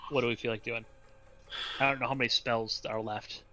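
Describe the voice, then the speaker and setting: A man's voice: medium pitch, fairly even intonation, fairly quick, crowd noise. A man playing a tabletop game, thinking through the group's next move. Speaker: player. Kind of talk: casual tabletop play.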